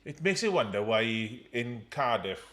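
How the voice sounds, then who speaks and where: A man's voice: mid-range voice, sing-song, moderate pace, fairly bright tone. A man, a former rugby player and co-host, bantering and teasing with frequent laughter. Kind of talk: casual banter.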